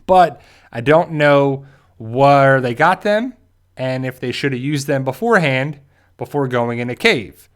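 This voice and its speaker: A man hosting a casual live-stream review of a TV episode. He talks in a loose, rambling way, circling back with asides and restarts. His voice sits at an everyday middle pitch. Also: animated, measured pace. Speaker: host of a TV fan channel.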